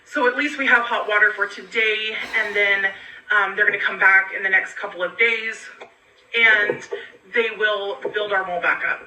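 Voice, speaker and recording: A tired woman talking in a casual home vlog, rambling and halting with many ums. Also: medium pitch, fairly even intonation, pushed and bright, roomy sound, distant mic, rough recording. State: tired, low on energy. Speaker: vlogger in a clip being reacted to.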